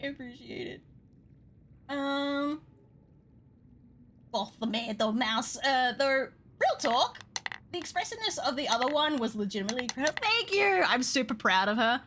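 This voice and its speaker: A young woman streaming casually, excitable and laughing often, swearing freely as she chats with viewers. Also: high voice, normal speed, long pauses, a little hiss or hum. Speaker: VTuber streamer. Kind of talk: casual live-stream chat.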